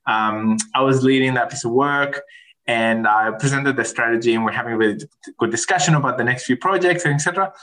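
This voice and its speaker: A man's voice: mid-range voice, fairly quick, a bit bright, low-quality recording. A man in a casual interview, telling stories from his consulting work with many restarts and fillers. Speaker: guest.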